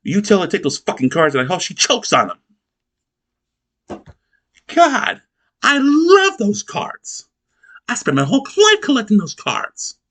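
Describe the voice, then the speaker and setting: A man's voice: sits high, wildly swooping pitch, unhurried, pauses often, a bit bright, full character voice. An actor playing a bitter, sarcastic middle-aged male dentist in a sitcom, griping with wisecracks. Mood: furious. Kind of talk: sitcom acting.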